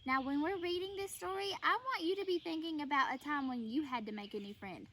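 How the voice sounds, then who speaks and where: A woman teacher reading a picture book aloud to children, pausing to ask encouraging questions. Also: high-pitched, fairly bright tone, a little hiss or hum. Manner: encouraging, asks questions of the listeners.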